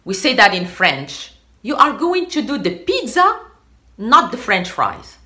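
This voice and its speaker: A woman's voice: a little high, huge pitch swings, a little slow, bright, forceful tone, heavily acted. A woman voicing her encouraging male friend who teaches her to ski, in a reassuring, coaxing way. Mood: explaining.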